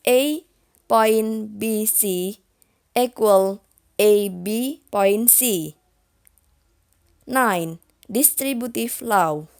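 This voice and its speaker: Slow, clear-voiced woman reading formulas. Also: medium pitch, a little mellow. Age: young adult. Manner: reads formulas term by term with long pauses. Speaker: student presenter. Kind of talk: slow read-aloud lesson.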